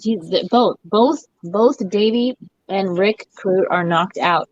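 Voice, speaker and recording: A woman's voice: mid-range voice, slow pace, dry recording. A woman co-hosting a casual live stream, teasing the others with mock British phrases. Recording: dull, dry lo-fi sound.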